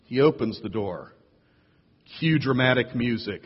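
A man preaching a sermon as pastor, playful and animated, jumping up in pitch to tease and draw in his listeners. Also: normal speed, husky. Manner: playful, animated storyteller with big jumps in pitch. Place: church sanctuary. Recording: lo-fi echoey hall recording.

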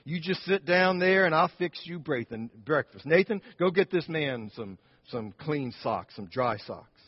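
A man's voice: a little high, expressive, measured pace, slightly rough, in a large hall, muffled recording. A man voicing an older Christian grandmother, firm and kindly, speaking in an earnest, emphatic way. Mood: homely.

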